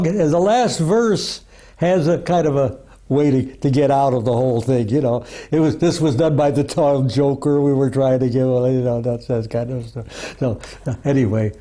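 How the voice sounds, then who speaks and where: A man's voice: medium pitch, moderate pace, mellow. A man being interviewed as an archivist, talking in a rambling, casual way, full of restarts and asides like "you see" and "you know.".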